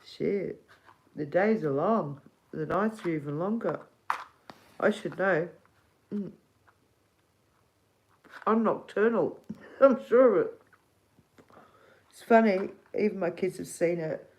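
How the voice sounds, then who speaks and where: A woman's voice: on the low side, slow, pauses often, a little mellow, low-quality recording. A middle-aged Australian woman hosting a casual livestream, rambling and giggly, swearing casually. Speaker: livestream host.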